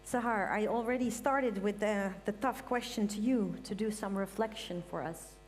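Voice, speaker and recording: A woman hosting a live stage event, thanking the crew and calling people up in a lively, informal way. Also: medium pitch, moderate pace, faint music behind. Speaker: event host. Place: large event hall with audience. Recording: hall reverb, audience, faint hum.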